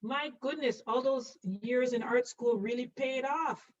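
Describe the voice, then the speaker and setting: A woman's voice: on the high side, steady tone, a little slow. A woman teaching an online nursing class, quizzing students by name and joking about her own drawing. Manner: playful, self-mocking, quizzes students by name. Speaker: nursing instructor. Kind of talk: online lecture while drawing. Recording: distant, dull lo-fi audio.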